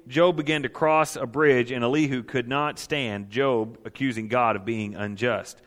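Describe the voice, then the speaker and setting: A man's voice: medium pitch, steady tone, normal speed, few pauses, fairly bright tone. Emphatic male preacher in echoing hall. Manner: emphatic, repeats key phrases. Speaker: preacher teaching on counseling. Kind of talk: sermon. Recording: long reverb of a large hall.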